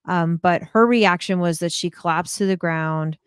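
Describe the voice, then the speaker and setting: A woman's voice: on the low side, normal speed, clean tone, no echo, studio quality. A woman guest co-host discussing a true crime case in a thoughtful, hesitant way with frequent ums.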